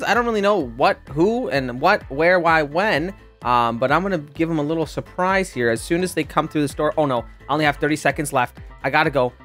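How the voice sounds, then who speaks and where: A woman giving excitable gameplay commentary as a gaming YouTuber, often bursting into shrieks and yells. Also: on the low side.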